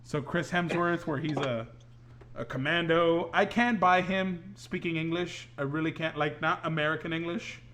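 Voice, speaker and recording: Male podcast host, higher voice, casual and opinionated, joking. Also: a little hiss or hum. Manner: animated, opinionated, quick jokes. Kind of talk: casual chat.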